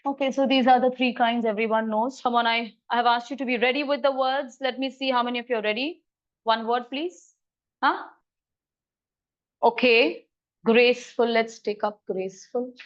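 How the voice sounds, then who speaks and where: A woman teaching a grammar lesson in a classroom, brisk and coaxing as she quizzes students. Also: fairly high pitch, steady tone, highs cut off.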